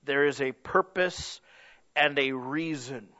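A man preaching a sermon, telling stories and building to loud, emphatic points. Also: mid-range voice, slow pace. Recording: dull lo-fi recording.

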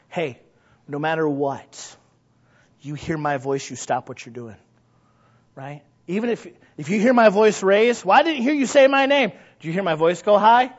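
Man, pastor, sermon, emphatic, conversational questions, slightly high voice, muffled lo-fi sound. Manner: emphatic, rising from low asides to loud exclamations; conversational, asks the congregation questions. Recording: muffled lo-fi recording.

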